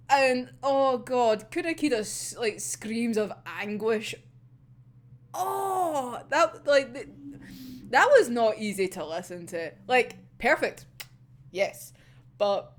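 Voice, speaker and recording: A young woman with a Scottish accent talks through an anime episode in a loose, chatty way. Her fairly high voice swings widely in pitch as she gets worked up, breaking often into laughter and dropping casual swears. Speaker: anime reviewer.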